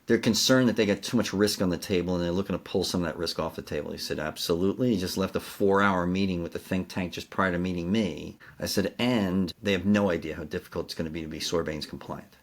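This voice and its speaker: A middle-aged man from the United States on a business podcast, talking in a lowish voice. He tells his stories with energy, acts out each exchange, and drops in plenty of fillers as he goes. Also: a little fast. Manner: animated anecdotes with acted-out dialogue, frequent fillers. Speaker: podcast guest, CEO coach. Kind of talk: storytelling in a business interview.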